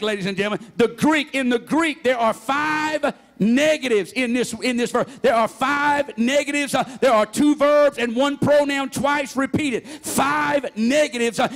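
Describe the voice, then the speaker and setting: A man preaching a sermon, leading call-and-response and building to shouts. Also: very high-pitched, gravelly.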